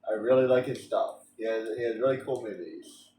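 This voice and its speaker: A man's voice: on the low side, a little fast, dark tone, roomy sound, distant mic, slight background noise, poor audio. A man streaming a game, chatting in a rambling way with frequent restarts and stammers. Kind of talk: casual rambling chat during a game stream.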